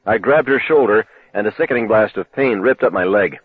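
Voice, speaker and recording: A man narrating a novel in the first person, telling it in a measured, low, dramatic manner. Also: breathy edge. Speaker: audiobook narrator. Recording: tinny phone-like dry recording.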